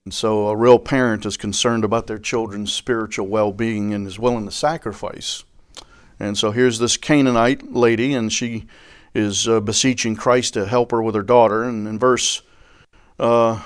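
A man's voice: on the low side, steady tone, normal speed, clean tone. A man preaching a sermon in a folksy way, with fillers and chuckles, reading scripture in a raised voice. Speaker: pastor.

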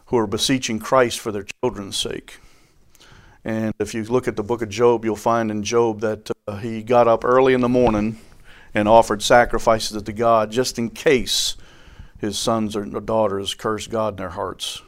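A man's voice: fairly low pitch, flat delivery, moderate pace. A man preaching a sermon in a folksy way, with fillers and chuckles, reading scripture in a raised voice. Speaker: pastor.

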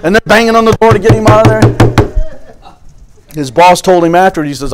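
A man's voice: high voice, expressive, a little fast, very noisy. A man preaching a sermon, folksy storytelling with fervent swells.

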